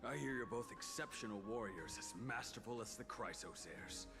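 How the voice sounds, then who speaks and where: Gravelly, polite ancient townsman for a game, mid-pitched, game music behind. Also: expressive, normal speed. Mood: courteous. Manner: formal, polite. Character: male townsman of an ancient city, anxious and courteous.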